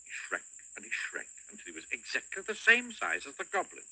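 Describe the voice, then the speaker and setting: A man narrating a children's storybook with a highly expressive, swooping delivery. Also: fairly quick, slightly rough, rough recording. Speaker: audiobook narrator.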